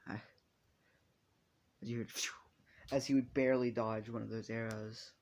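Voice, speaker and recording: A man's voice: medium pitch, flat delivery, moderate pace, a little mellow. A man narrating an improvised fan story in a rambling, casual way, with many restarts and casual swearing.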